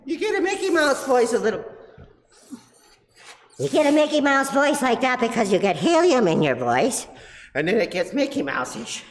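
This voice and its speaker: A man talking in a high, squeaky cartoonish voice after breathing helium. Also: big pitch swings, brisk, hardly any pauses, a bit bright, roomy sound, big-room sound, a little hiss or hum, exaggerated voice. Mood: giggly. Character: man's own voice squeaked up by helium. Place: science center hall.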